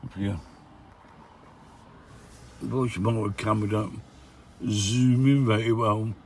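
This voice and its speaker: His voice sits on the low side, slow, steady and a little mellow, with a little hiss or hum in the audio. An older van life vlogger, he chats casually on handheld camera outdoors and in his van touring villages, adding grumbling "eh?" asides.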